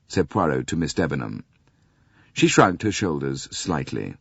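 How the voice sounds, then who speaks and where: A male audiobook narrator with a low, slightly husky voice reads in a measured way, and his pitch rises and falls widely as he tells the story. The recording is dull and very dry. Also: sing-song, no echo. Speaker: audiobook reader.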